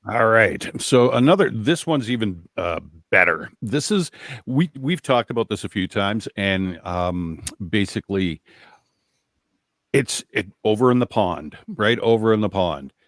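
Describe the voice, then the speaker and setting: A man co-hosting a talk radio show, introducing a news item in a halting, self-correcting way. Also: fairly low pitch, lively intonation, fairly bright tone, no echo, clean studio sound. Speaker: radio co-host.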